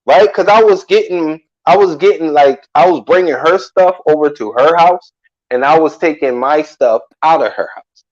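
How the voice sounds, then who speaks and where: A man telling a personal story in casual chat, animated and loose with street slang, acting out what people said. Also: fairly high pitch, normal speed, lo-fi sound. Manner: animated, acts out quoted lines loudly, salty slang.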